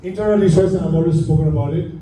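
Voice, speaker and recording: A man giving an aviation lecture to a class, lively and full of rhetorical questions. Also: fairly high pitch, quick pace. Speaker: aviation instructor. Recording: echoey room from far off, faint hum.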